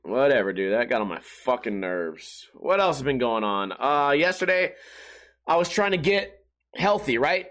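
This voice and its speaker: A man's voice: mid-range voice, big pitch swings, normal speed, fairly bright tone. A man hosting a casual solo podcast, rambling in a profane, sarcastic, self-mocking way. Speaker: podcast host.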